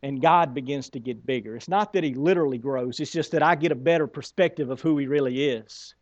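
A man preaching a sermon in a conversational, emphatic way, who stutters and repeats words when he gets excited. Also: mid-range voice, a little fast, no echo, dull audio. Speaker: pastor.

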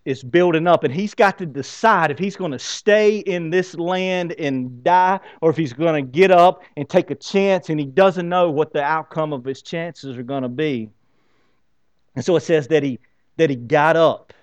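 A man preaching a sermon, lively and full of questions to his listeners. His voice sits a bit high for a man. The sound is dry and close to the mic. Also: moderate pace, dry recording. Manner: animated, asks the congregation rhetorical questions. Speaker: pastor.

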